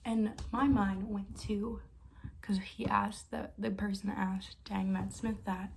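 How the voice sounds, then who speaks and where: A young woman vlogger telling stories in a casual, excitable way, with quick bursts and frequent laughs. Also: medium pitch, creaky, slight background noise. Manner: excitable, fast bursts, lots of likes and laughs. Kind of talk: casual storytime chat.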